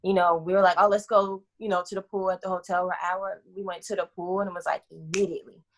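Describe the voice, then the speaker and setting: A woman's voice: lowish voice, fast. A woman guest on a podcast telling personal stories candidly in casual slang, acting out what people said. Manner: candid, animated storyteller, acts out quotes, casual slang.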